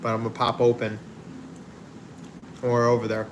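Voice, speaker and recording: A man's voice: mid-range voice, completely flat delivery, moderate pace, background noise. Easygoing man chatting on a livestream. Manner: easygoing, rambling, laughs easily. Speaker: livestream host. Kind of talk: casual livestream chat, reading viewer comments.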